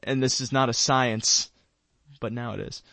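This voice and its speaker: Jasny, wyrazisty głos mężczyzny. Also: male voice, mid-range voice, fairly even intonation, unhurried, gravelly, a bit bright, no room sound. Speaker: podcast co-host. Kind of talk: casual comedic chat.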